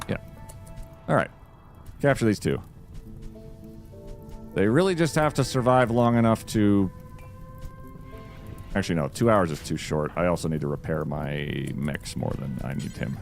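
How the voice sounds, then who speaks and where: A man's voice: low-pitched, gravelly, a little mellow. A man streaming a game live, chatting along as he plays, greeting viewers and talking to his cat. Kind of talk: live-streamed gameplay commentary.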